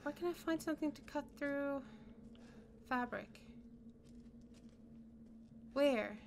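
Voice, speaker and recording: A woman's voice: sits high, takes it slowly, vocal fry, a little hiss or hum. A young woman doing horror game commentary, scared and swearing as she talks herself through it. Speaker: gaming streamer.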